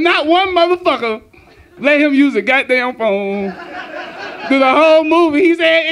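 High bright-voiced profane stand-up comic. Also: male voice, normal speed. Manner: crude, profane, animated, laughing at own jokes. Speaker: stand-up comedian. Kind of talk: stand-up comedy set. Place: comedy club stage.

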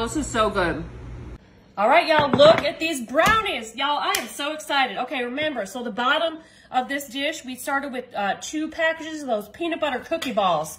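A woman's voice: sits high, fairly bright tone, a little hiss or hum, low-quality recording. A woman hosting a casual cooking demonstration, chatty and enthusiastic. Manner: chatty and enthusiastic, often saying "y'all". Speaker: cooking video host.

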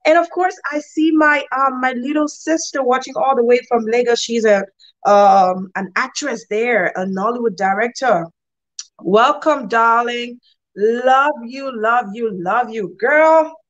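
A woman hosting a live-stream talk show, chatting lively with viewers and greeting them by name. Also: on the high side, a little slow, muffled recording.

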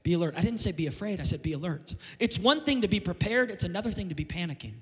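A man preaching a sermon as pastor, impassioned and building to shouted climaxes. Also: high voice, animated, quick pace. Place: church sanctuary. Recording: long reverb of a church hall.

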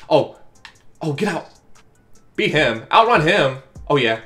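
A man giving live commentary over his own football video game, talking strategy to viewers and yelling at big plays. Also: medium pitch, animated, measured pace, pauses often, faint music behind. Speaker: gaming YouTuber.

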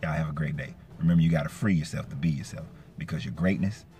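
A man's voice: rumbling low, steady tone, fast talker, dark tone, soft background music. A middle-aged man giving a blunt ranting monologue, packed with "you know" fillers. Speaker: vlogger.

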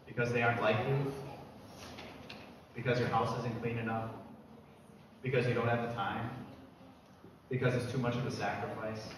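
A man preaching a sermon as pastor, emphatic, building to loud repeated declarations. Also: fairly low pitch, background noise. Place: church sanctuary. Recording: echoey church from a distance.

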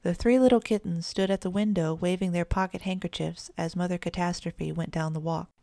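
A woman reads a children's bedtime story aloud in an even, measured way. Her voice is low and gravelly. The recording is close and completely dry. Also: no echo. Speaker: narrator.

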